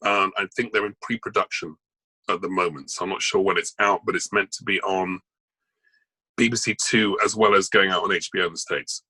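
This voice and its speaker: An actor and voice artist chats casually as an interview guest, rambling through his news with plenty of asides. His voice sits lowish with a sharp edge, and the audio is poor but free of echo.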